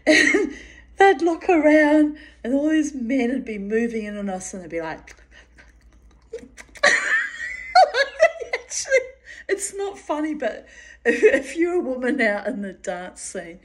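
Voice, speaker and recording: A woman's voice: high-pitched, sing-song, unhurried, pauses often. A woman telling a personal story in a casual way, laughing often and swearing freely.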